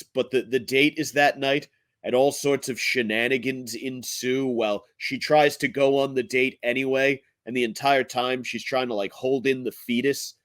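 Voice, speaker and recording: A man hosting his own comedy show, delivering a profane rant in a blunt, crude, halting way. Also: mid-range voice, no echo. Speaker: podcast host and comedian.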